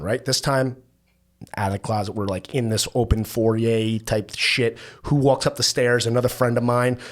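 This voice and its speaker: Young man telling wild stories, swearing. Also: mid-range voice. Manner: loose, profane, quoting friends in a raised voice. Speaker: podcast host. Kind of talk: casual storytelling chat.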